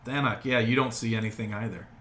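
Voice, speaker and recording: A man's voice: medium pitch, steady tone, quick pace, a bit bright, echoey room, slight background noise. A man narrating a tabletop game as game master, in an easygoing way with frequent laughs.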